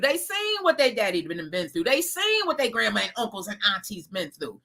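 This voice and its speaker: Bright-voiced woman chatting on a live stream. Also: medium pitch, huge pitch swings, a little fast, gravelly, hardly any pauses. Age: 30s. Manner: talks straight to viewers with slang, laughs often. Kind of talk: casual live-stream chat reading viewer comments.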